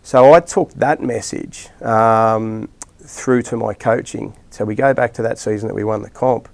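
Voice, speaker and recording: A middle-aged Australian rugby league coach tells rambling stories in a casual interview, full of restarts and fillers. His voice is gravelly and fairly low, with fairly even intonation and a measured pace.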